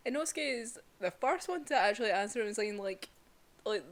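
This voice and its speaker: A young woman gushing excitedly through a casual manga chapter review, full of fillers. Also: on the high side, quick pace.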